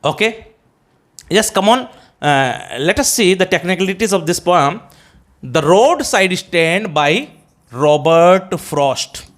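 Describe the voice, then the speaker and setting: Indian English teacher, slow and lively. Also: male voice, high-pitched. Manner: repeats "okay?" and spells words out letter by letter; hesitant restarts with many "uh"s. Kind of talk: classroom lecture on a poem.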